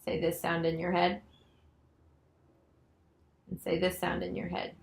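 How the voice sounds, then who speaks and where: A woman demonstrating a nonverbal reading lesson, slowly and patiently sounding out letters and words. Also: on the low side, completely flat delivery, gravelly, slight background noise, poor audio. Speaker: special education student teacher.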